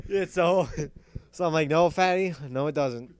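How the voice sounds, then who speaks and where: A young man hosting a casual talk show, telling a story in an animated way, laughing and swearing often. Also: on the high side, takes it slowly, long pauses, smooth. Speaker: podcast host.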